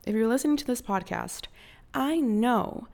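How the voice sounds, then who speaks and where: Gravelly-voiced woman giving a frank pep talk. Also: on the high side, normal speed, a little mellow. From Costa Rica. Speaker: podcast host. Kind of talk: casual motivational podcast monologue.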